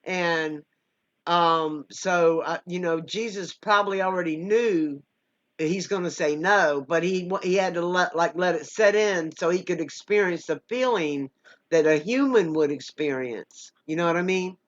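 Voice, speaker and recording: A man's voice: sits high, unhurried, fairly bright tone. A man in a casual chat about faith, speaking emotionally and rambling with many fillers. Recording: dull lo-fi sound.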